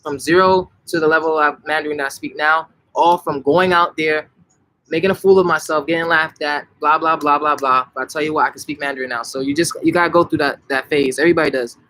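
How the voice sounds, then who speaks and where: A young man, casually answering viewer questions live, emphatic and animated, often restarting his sentences. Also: a little high, quick pace, no echo, low-quality recording. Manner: animated, emphatic, frequent self-corrections and "like". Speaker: language-learning channel host answering viewer questions.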